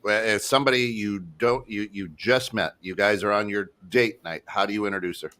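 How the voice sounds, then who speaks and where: A man's voice: fairly low pitch, moderate pace, sharp tone. A man hosting a casual talk show, making his points emphatically and tagging them with "right?". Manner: emphatic, keeps asking "right?". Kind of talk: casual chat.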